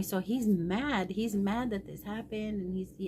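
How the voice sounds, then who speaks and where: A woman's voice: medium pitch, a little slow, few pauses, a little mellow, a little hiss or hum. A middle-aged woman vlogger telling a personal story in a candid, rambling, emotional way.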